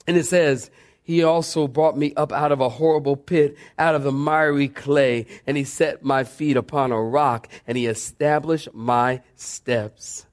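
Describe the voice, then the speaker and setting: A male pastor preaching a sermon to a congregation, swinging between soft emphasis and fervent, high-pitched exhortation, sweating as he goes. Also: steady tone, measured pace. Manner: preaching with rising fervor and dramatic pitch swings. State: sweating from exertion.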